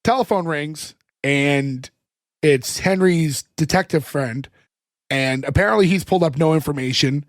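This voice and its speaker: A man's voice: on the high side, unhurried, no echo, clean studio sound. A man hosting a casual podcast, recapping an old sitcom episode, laughing often, his throat a bit scratchy. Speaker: podcast host.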